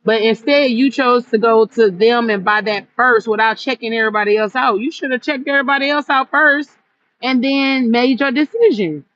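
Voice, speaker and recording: A woman's voice: a little high, moderate pace, fairly bright tone, dull audio. Chatty woman at a windy outdoor stall. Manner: chatty, retells arguments with quoted back-and-forth. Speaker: vendor selling gift baskets on a livestream. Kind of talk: casual livestream storytelling. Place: outdoor vendor stall on a cold, windy day.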